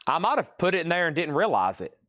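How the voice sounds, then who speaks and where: A man's voice: a little high, big pitch swings, quick pace, fairly bright tone. A man hosting a live-stream record sale, reading off titles and prices and thinking aloud as he sorts buyers. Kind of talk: live-stream auction selling.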